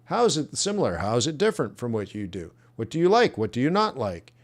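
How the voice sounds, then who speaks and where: A man's voice: mid-range voice, sing-song, quick pace. A man coaching traders in a live webinar, thinking aloud and reacting bluntly as he reviews trade plans. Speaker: trading coach. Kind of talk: live trading webinar commentary.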